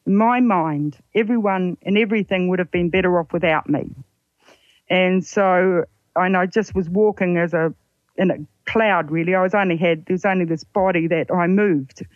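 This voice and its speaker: An older woman with a New Zealand accent, a psychic guest on a radio show, telling her life story in an earnest, halting, reflective way. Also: on the low side, dry recording. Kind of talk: personal story on a radio interview. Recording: dull, lo-fi dry sound.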